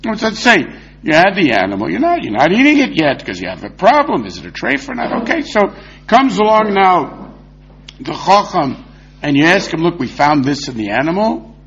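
A man giving a lively, argumentative Talmud lecture, acting out the rabbis he quotes. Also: sits high, normal speed, vocal fry. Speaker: Talmud teacher. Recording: dull lo-fi recording.

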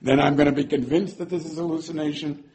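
A man's voice: on the high side, steady tone, fast, a little mellow, natural voice. A man voicing an exasperated, skeptical young biblical hero who talks sarcastically and stammers over repeated words. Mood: wary.

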